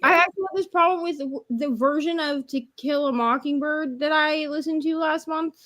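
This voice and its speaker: A woman with a Minnesotan accent, hosting a casual livestream chat in an animated, emphatic and opinionated way over a video call. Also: high-pitched, normal speed. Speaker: readathon host.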